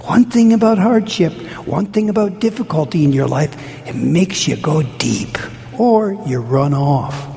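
A slightly high, gravelly man preaches an earnest sermon, swinging between urgent questions and hushed prayer. His voice carries in a long hall reverb with faint noise behind. He pleads with the congregation as their pastor. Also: animated, unhurried. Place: church sanctuary.

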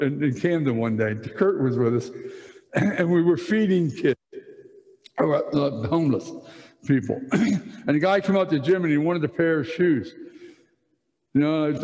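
A man preaching a sermon to a room of people, telling a story with many restarts and animated emphasis. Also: on the high side, in a large hall, poor audio. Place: large room with audience.

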